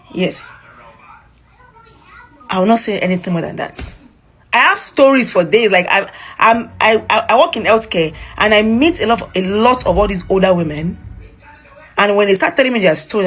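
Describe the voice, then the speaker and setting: A woman's voice: mid-range voice, animated, moderate pace, fairly bright tone, slightly rough. A woman giving an exasperated opinion monologue, repeating points for emphasis. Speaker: social media commentator.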